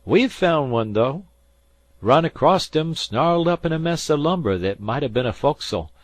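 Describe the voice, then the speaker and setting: A man voicing a folksy fisherman who drawls loudly across the water. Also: on the high side, expressive, moderate pace, voice pushed up. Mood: drawling. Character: loud drawling male fisherman hailing another boat.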